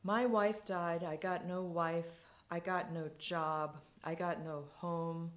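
A woman voicing a big, hostile drunk man who snarls and shouts his taunts. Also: on the low side, level tone, takes it slowly. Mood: despairing. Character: hostile drunk male laborer, big and raging.

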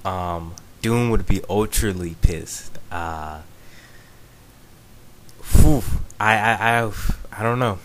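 A man's voice: on the low side, slow. A man giving a rambling, casual video response, full of ums and "you know what I'm saying". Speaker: video blogger.

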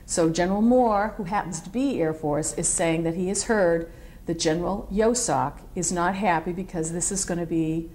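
A woman's voice: lowish voice, normal speed, few pauses. A middle-aged woman, a military veteran, recalls her service in an oral history interview, telling stories with animation and acting out what others said. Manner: animated storyteller, acts out quotes, digressive.

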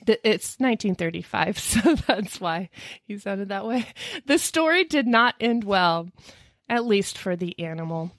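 A woman's voice: no room sound, studio quality. A young adult woman co-hosting a podcast, telling stories in casual chat and reading news clippings aloud with playful asides. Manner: animated, swoops into high squeals for emphasis. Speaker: podcast co-host.

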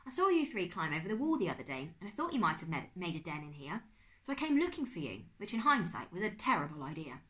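A woman's voice: on the low side, sing-song, quick pace, fairly bright tone. A woman reading as a blustery uncle archaeologist. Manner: huffy, exclaiming, jolly. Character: eccentric adult male archaeologist uncle, blustery.

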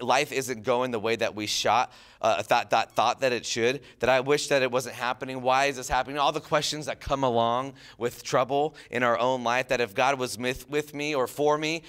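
Smooth-voiced man preaching to youth. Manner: casual storytelling with many fillers and restarts; drops soft and low on key lines. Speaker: youth pastor. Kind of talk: youth sermon.

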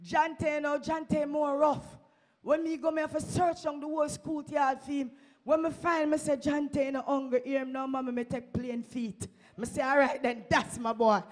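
Here a church member's voice is high-pitched and flat, moving at a moderate pace. She speaks with a Jamaican accent before the congregation in the sanctuary, fervently testifying, urging everyone on, and drifting into Patois.

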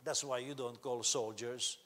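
A man's voice: medium pitch, measured pace. Preaching man in an echoing hall. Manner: animated, acts out quotes loudly, rising from quiet to shouting. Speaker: pastor. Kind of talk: sermon. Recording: long reverb of a hall.

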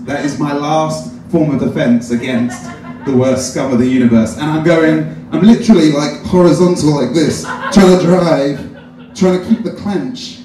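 A young English man doing stand-up, telling a self-deprecating story in an animated way. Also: on the high side. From England. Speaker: stand-up comedian. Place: open mic at a coffee shop. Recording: distant mic in a very echoey room with noise.

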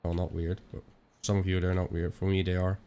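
A man's voice: sits low, flat delivery, a little fast, mellow, clear, resonant tone. A young man with a Dutch accent giving rambling, chatty let's-play commentary, swearing now and then. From Netherlands. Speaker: gaming channel host.

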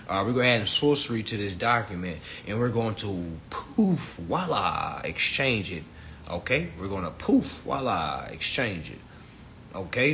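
A man's voice: mid-range voice, fairly bright tone, slight background noise. A man hosting a live stream, ranting bluntly and profanely, then coaching viewers step by step.

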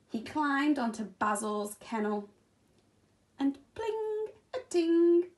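A woman teacher reads a children's picture book aloud with slow, unhurried pacing. Her voice sits fairly high and swings widely up and down, with a gravelly edge at the ends of phrases. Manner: expressive, sing-song storytelling with sound effects. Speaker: primary school teacher reading aloud. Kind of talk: storybook read-aloud for children.

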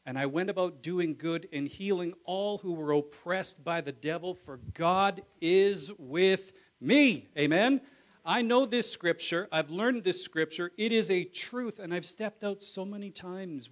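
A man preaching a Sunday sermon with a voice pitched a touch above the usual male range. He swings between booming exclamations and soft, intimate asides, and keeps checking in with the congregation for an "Amen?". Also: normal speed, poor audio. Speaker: pastor. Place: church sanctuary.

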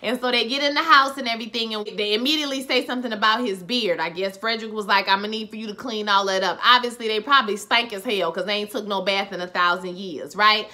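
Woman vlogger, chatty and slangy episode reviewer; bright, punchy tone. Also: medium pitch, fast talker, hardly any pauses. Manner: animated, slangy, talks straight to viewers. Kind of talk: casual recap vlog.

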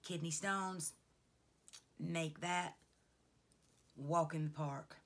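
Slow-talking woman with vocal fry. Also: low-pitched, fairly even intonation. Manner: rambling and heartfelt, laughs at herself. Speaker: vlogger. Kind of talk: casual chat to camera.

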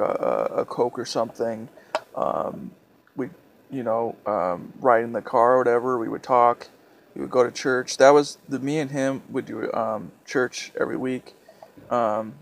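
Young guy talking to camera, gravelly voice, stops and restarts a lot, quiet, faint hiss behind. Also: medium pitch. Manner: halting, hesitant, with many restarts. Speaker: vlogger. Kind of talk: personal reflective storytelling.

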